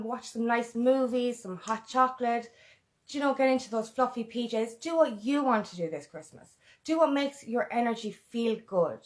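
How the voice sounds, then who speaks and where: Woman, fairly high voice, empowerment coach, heartfelt motivational vlog, repeats a mantra, emotional. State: emotional, close to tears.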